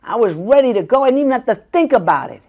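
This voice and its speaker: A man's voice: very high voice, very animated, fast talker, darkish tone. A middle-aged male actor telling stories in a casual interview, acting out the voices of people he quotes. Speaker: guest actor.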